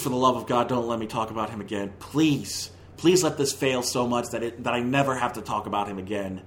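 A man's voice: mid-range voice, fairly bright tone. A man hosting a movie podcast, ranting in a heated, opinionated way, with many stumbling restarts. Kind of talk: casual opinionated review.

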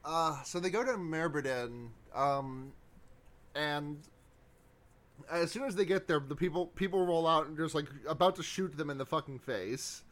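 A man's voice: fairly high pitch, normal speed, a bit bright. A man co-hosting a casual movie chat, rambling with many restarts and laughing often. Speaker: podcast co-host.

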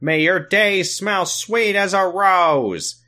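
Guy putting on a high sappy blessing voice, super slow, sing-songy. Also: pushed and bright, heavily acted. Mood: solemn. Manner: drawn-out, sing-song delivery. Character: slow, syrupy man giving blessings.

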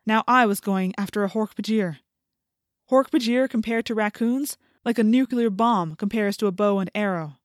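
A woman reading a first-person audiobook in a measured, steady storytelling voice that climbs in intense passages, on a close studio mic. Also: medium pitch, no echo. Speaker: audiobook narrator.

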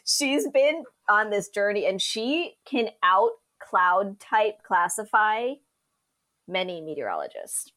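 A woman meteorologist as a podcast guest, telling stories in a casual, animated way and acting out the quoted voices of the people in them. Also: mid-range voice, takes it slowly. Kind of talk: casual storytelling interview.

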